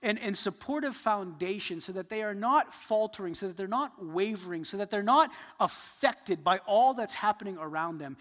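A man in his thirties preaching a sermon, earnest, building to emphatic points and then dropping soft. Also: sits high, expressive, moderate pace, hardly any pauses, big-room sound. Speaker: pastor.

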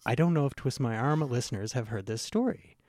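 Presentador de pódcast entusiasta. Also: male voice, medium pitch, animated, a little fast, a little mellow, no room sound, studio quality. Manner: enthusiastic, talks to listeners directly. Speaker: podcast host. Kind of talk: casual podcast chat.

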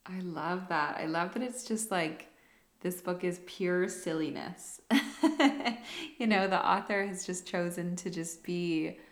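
A woman podcast co-host speaking slowly and easily, laughing often. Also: on the low side, steady tone. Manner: slow, easy, laughs often. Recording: roomy echo.

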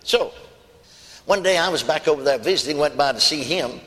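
A man's voice: on the high side, brisk, pushed and bright. Folksy preacher man in a reverberant hall. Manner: folksy storytelling, emphatic. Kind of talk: sermon.

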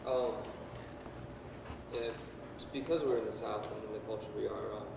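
A man's voice: on the low side, fairly even intonation, normal speed, creaky. A man in the audience asking a hesitant question, full of fillers. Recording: very echoey hall, from far off, noise.

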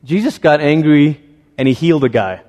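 A man preaching a sermon in a relaxed, conversational way, with a slightly high voice. He slips into little acted-out voices as he goes. His words ring with the long reverb of a large church hall. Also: normal speed. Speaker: pastor.

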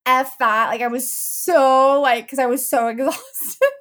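A young woman chatting into a podcast mic with a slightly high voice. She tells a story casually, animated and laughing often, acting out what everyone said. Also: measured pace. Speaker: podcast host telling her birth story.

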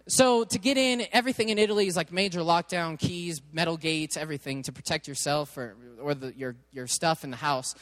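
Guy with a pretty high voice telling a story in a sermon, chatty, keeps restarting. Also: brisk, hardly any pauses, a bit bright. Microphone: headset mic.

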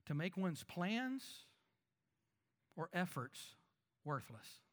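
A male pastor delivers a conversational sermon in a slightly high voice. He keeps turning to the congregation with rhetorical questions and moves between emphatic, raised lines and soft, quiet asides. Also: very animated, drawn-out words.

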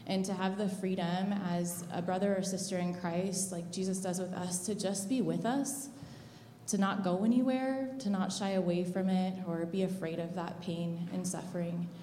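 A woman's voice: on the low side, fairly even intonation, normal speed, mellow, slight background noise. Earnest woman in an echoey hall. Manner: earnest, reflective, many fillers. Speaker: labor support worker at births. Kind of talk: conversational church interview. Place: church auditorium. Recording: echoey hall with long reverb.

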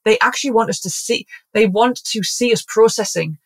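A woman's voice: a little high, moderate pace, breathy edge. A woman speaking as a podcast guest, a zoologist and shamanic practitioner, talking in an earnest, rambling way with many restarts. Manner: acts out quoted voices. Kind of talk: casual podcast conversation.

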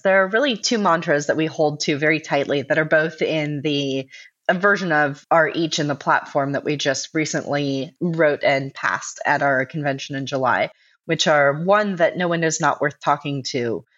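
A woman speaking as an interview guest, explaining in a measured, earnest way. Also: low-pitched, a bit bright. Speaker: guest, director of a civic organization. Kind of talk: interview conversation. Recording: dull lo-fi remote audio.

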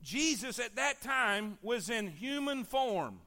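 High-voiced preacher calling on the congregation. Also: male voice, sing-song, takes it slowly, pushed and bright. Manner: emphatic preaching, repeats phrases, calls for congregation responses. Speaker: pastor. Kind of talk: sermon.

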